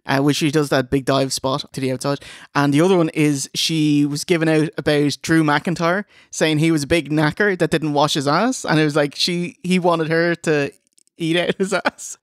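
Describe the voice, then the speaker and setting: A man's voice: on the high side, steady tone, no echo. Male co-host, wry and chatty, dry recording. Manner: wry, recaps with quick asides and laughs. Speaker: podcast co-host. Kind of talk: casual wrestling review chat.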